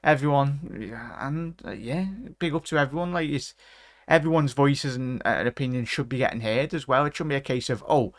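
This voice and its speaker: A man hosting a casual live fan stream, rambling, giving shout-outs to viewers and ranting in frustration. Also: mid-range voice, moderate pace, no echo, clean studio sound. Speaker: host of a fan watchalong stream.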